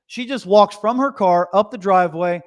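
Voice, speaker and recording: A man who runs a Christmas lighting business, telling stories to viewers in an animated, chatty way. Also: high voice, normal speed. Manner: animated, chatty, with restarts and asides. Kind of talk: casual storytelling to viewers.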